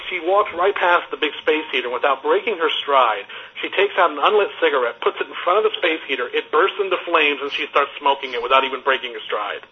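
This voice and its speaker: Guest storyteller: slightly high, husky man, self-mocking and animated, dull lo-fi recording. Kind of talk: casual anecdote telling. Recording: dull lo-fi audio.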